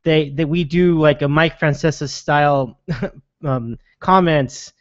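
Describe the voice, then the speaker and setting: A man's voice: fairly high pitch, steady tone, slow pace, dry recording. Rambling man hosting a sports podcast. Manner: rambling, many restarts and fillers. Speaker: podcast host. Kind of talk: casual sports podcast chat. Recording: dull lo-fi sound.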